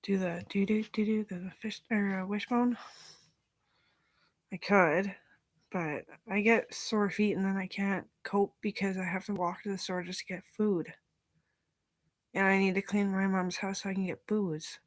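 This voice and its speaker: A young woman rambling in a casual vlog, swearing often and drifting between loud talk and whispers. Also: mid-range voice, fairly even intonation, a little slow.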